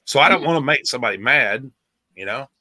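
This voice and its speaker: Bright-voiced man rambling in group chat. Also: medium pitch, lively intonation, quick pace, no room sound. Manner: rambling, repeats himself.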